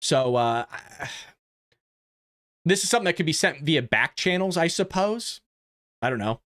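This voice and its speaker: A man's voice: fairly high pitch, lively intonation, a little slow, fairly bright tone. A man hosting a casual political commentary livestream, talking in a chatty, conversational way. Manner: chatty, conversational, lots of "you know what I mean". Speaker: host.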